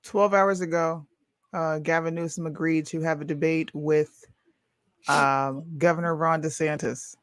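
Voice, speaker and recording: A woman's voice: low voice, steady tone, a little slow, no room sound, clean studio sound. A woman co-hosting a casual talk show, blunt and exasperated, sometimes reading posts aloud. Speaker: podcast co-host. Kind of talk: casual chat.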